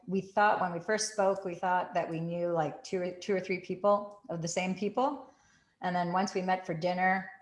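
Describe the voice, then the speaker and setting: A woman telling a story in a casual way, acting out the quotes with big jumps in pitch. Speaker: group participant sharing a story. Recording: roomy echo.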